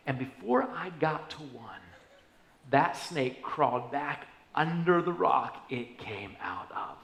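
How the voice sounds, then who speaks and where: A man preaching a storytelling sermon as a pastor, animated, swinging from hushed to loud. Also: high voice, measured pace. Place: church sanctuary. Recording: echoey church hall.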